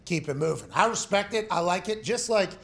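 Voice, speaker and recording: A man hosts a casual sports talk show. His voice sits a bit high and carries a gravelly rasp. He tells his stories with plenty of profanity and a lot of energy. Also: a little fast. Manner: profane, animated storytelling. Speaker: show host.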